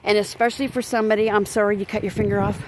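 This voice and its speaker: Walking her dog on a neighborhood street, a female vlogger and crisis worker holds her phone and rants indignantly, rambling with many restarts. She talks at a racing pace in a level, mid-range voice, with outdoor street noise around her.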